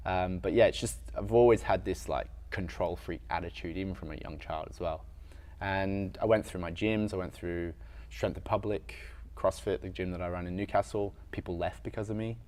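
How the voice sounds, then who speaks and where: A man's voice: sits low, steady tone, normal speed, darkish tone. A man, a strength coach and podcast guest, talking frankly and reflectively about himself in a casual, filler-heavy way. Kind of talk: candid conversational storytelling.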